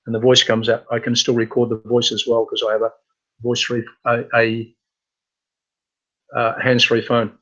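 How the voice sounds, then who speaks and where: Halting man hosting a webinar. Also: mid-range voice, completely flat delivery, a bit bright, lo-fi sound. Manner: halting, with frequent fillers and restarts. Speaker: computer training host. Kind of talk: casual live webinar talk.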